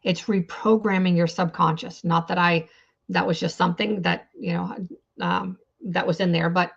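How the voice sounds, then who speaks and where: A woman's voice: on the low side, fairly even intonation, normal speed, vocal fry, husky, highs cut off. A woman hosting a healing talk show, speaking earnestly in a coaching tone, repeating phrases and using many fillers. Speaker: podcast host on trauma healing.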